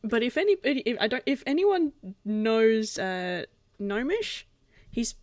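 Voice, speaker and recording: A woman's voice: on the high side, very animated, slow, no room sound, clean studio sound. A woman in a tabletop game describing her character hesitantly, with fillers and restarts. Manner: hesitant, many restarts, amused. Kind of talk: casual chat.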